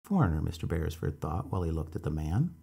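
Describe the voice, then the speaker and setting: A man narrating a short story in a measured, suspenseful reading style. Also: a bass voice, steady tone, gravelly, warm tone, husky.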